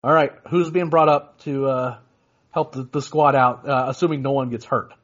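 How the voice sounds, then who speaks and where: A man's voice: mid-range voice, fairly even intonation, moderate pace, fairly bright tone, dull audio. A man co-hosting a casual sports podcast, rambling with lots of restarts and "you know"s. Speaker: podcast co-host.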